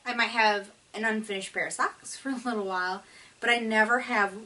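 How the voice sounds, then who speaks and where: A woman's voice: a little high, steady tone, brisk, bright, forceful tone, far from the mic, rough recording. A woman hosting a knitting video podcast, talking in a chatty, rambling way with lots of fillers. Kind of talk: casual chat.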